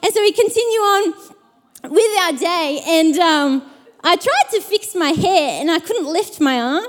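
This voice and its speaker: Young woman preacher, high voice, chatty storytelling sermon in a big reverberant room. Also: unhurried. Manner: lively storytelling with many fillers. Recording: long hall reverb.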